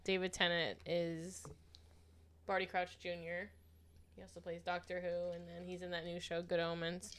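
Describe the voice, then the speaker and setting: A woman co-hosting a podcast in casual chat, blunt and chatty, quick to laugh. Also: lowish voice, completely flat delivery, fairly bright tone. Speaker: podcast co-host.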